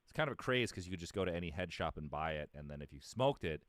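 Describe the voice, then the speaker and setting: A man's voice: low voice, lively intonation, fast, a bit bright, no echo, studio quality. A man, a musician guest in a casual interview, telling stories in a rambling way with lots of fillers and restarts.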